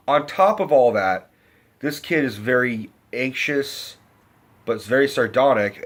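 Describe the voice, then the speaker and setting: Profane man rambling through a film review. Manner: profane, animated retelling with pitched-up acted quotes; loose and rambling with restarts. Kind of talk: casual film review rant.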